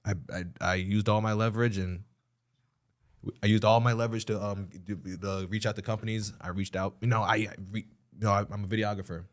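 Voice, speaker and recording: A man, hosting a podcast in casual chat and telling stories in an animated, slangy way. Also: on the low side, brisk. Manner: slangy, animated storytelling with profanity. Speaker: podcast host.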